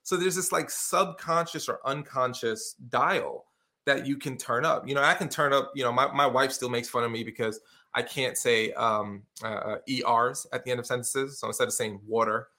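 A middle-aged man with a bright, forceful voice tells stories in a relaxed conversation. He slips into quick impressions of what others said, keeping his delivery lively. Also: medium pitch. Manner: animated storyteller, acts out quotes. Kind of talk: casual conversation.

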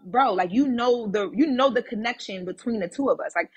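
A woman guest on a podcast, telling a personal story in a casual, animated and blunt way, swearing freely. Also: fairly high pitch, brisk, breathy edge, highs cut off.

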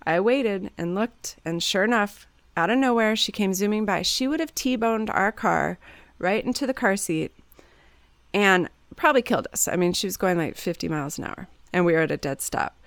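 A woman's voice: medium pitch, moderate pace, no echo. A woman, a mother in her thirties, chatting casually and acting out quoted lines as she tells stories. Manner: animated storyteller, acts out quotes. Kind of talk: casual chat.

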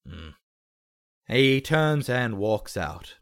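A man's voice: on the low side, animated, measured pace, fairly bright tone, no room sound, studio quality. A man narrating a tabletop role-playing game as game master, describing scenes vividly with some hesitant restarts.

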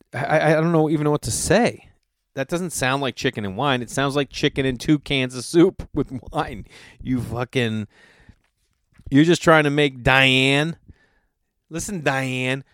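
A man's voice: medium pitch, a bit bright, dry recording, clean studio sound. A middle-aged man, chatting casually as a host and reading old recipes aloud with incredulous, swearing commentary. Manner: incredulous, exasperated riffing with swearing.

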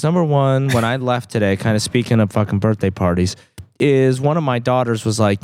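A middle-aged man telling stories loudly and with lots of swearing in a casual group chat. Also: mid-range voice, brisk, faint music behind. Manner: loud, profane storyteller. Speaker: podcast co-host.

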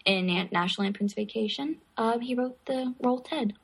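A woman's voice: fairly high pitch, a little fast, creaky, slightly rough. A woman co-hosting a podcast, reading out trivia items in a casual chat. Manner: reads lists, laughs off teasing. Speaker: podcast co-host.

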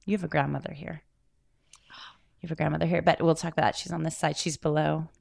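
Woman, low gravelly voice, fast talker, earnest spiritual storytelling, podcast chat. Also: flat delivery, a little mellow, no room sound, studio quality. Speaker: intuitive medium guest. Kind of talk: casual podcast conversation.

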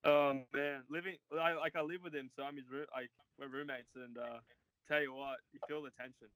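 A young Australian man in his twenties answers podcast questions in a loose, rambling way, with plenty of filler words. His voice is bright and forward, and the sound is dry and close. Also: medium pitch, fairly even intonation, moderate pace, dry recording, low-quality recording. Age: 20s. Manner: laid-back and rambling, heavy on "like" and "uh". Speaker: podcast guest, college runner. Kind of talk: casual interview chat.

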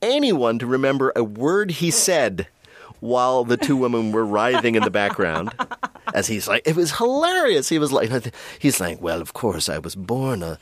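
Lively laughing male co-host. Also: mid-range voice, normal speed, no room sound. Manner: animated, laughing storyteller. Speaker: podcast co-host. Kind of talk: casual chat.

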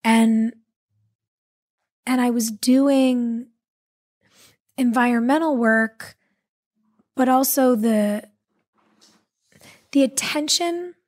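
A woman guest in a casual interview, telling stories animatedly with quick asides. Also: fairly high pitch, a little mellow. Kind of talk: casual conversational storytelling.

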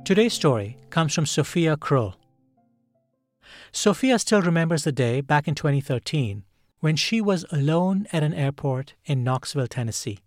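A man's voice: on the high side, lively intonation, moderate pace, no room sound, faint music behind. Man narrating in a dry studio. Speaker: host. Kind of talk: scripted narration.

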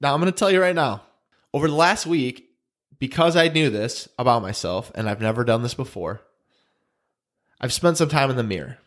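A man's voice: mid-range voice, expressive, moderate pace, long pauses. A man, co-hosting a podcast in casual chat, earnest and emotional, often repeating his words. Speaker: podcast co-host.

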